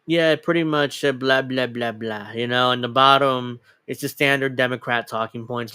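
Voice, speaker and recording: A man's voice: mid-range voice, fairly even intonation, normal speed, sharp tone, smooth, no room sound, studio quality. A man hosting a casual political commentary show, talking bluntly and dismissively and swearing freely. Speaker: host.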